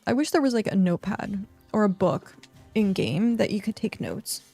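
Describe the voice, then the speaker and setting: This woman hiccups and yawns through a casual game stream, musing aloud with plenty of fillers and unfinished sentences. Her mid-range voice has a dark tone and lively intonation at a normal speed. Faint music plays behind her.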